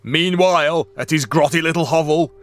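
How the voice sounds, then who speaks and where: A man's voice: a little high, moderate pace, fairly bright tone. A man narrating a comic story in a playful way, with chatty asides to listeners.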